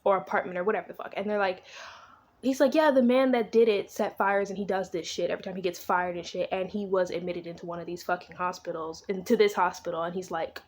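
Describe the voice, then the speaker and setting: Animated swearing woman recapping a book. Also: fairly low pitch, fast. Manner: animated, swears freely, acts out characters' lines. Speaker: book vlogger. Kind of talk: casual book recap chat.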